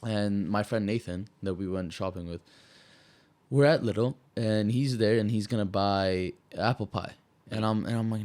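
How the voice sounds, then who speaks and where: A man's voice: lowish voice, moderate pace, a little mellow. A young man co-hosting a laid-back podcast, telling stories with plenty of swearing and emphasis. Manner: profane, emphatic storytelling. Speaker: podcast co-host. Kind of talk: casual chat.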